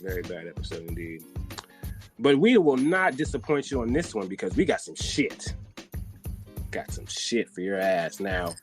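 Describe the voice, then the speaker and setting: A man hosting a podcast from a studio, talking loud and hyped in casual chat and swearing freely. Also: on the low side, very animated, moderate pace, soft background music. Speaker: podcast host. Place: recording studio.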